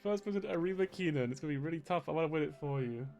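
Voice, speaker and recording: Male streamer reading bubbly upbeat horse girl lines, fairly high voice, music behind. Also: lively intonation, racing. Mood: cheerful. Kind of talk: reading game dialogue aloud.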